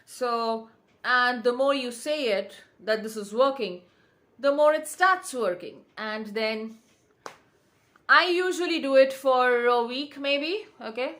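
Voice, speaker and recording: A woman's voice: on the high side, lively intonation, slow pace, fairly bright tone. A woman, a manifestation coach answering viewers on a casual livestream, repeating affirmations with insistent emphasis.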